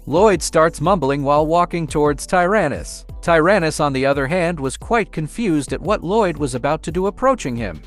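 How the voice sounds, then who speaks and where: A man narrating a comic recap with a plain, even read-aloud delivery. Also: fairly high pitch, moderate pace, few pauses. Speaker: story narrator. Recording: faint background music.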